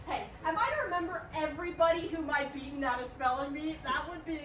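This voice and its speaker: Remorseful dad played by a woman, high voice, emotional, echoing stage from far. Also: fairly quick, fairly bright tone, a little hiss or hum. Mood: smug. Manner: emotional, pleading. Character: remorseful doting father, smug ex-champion. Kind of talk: live stage play acting. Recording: echoey theatre from far.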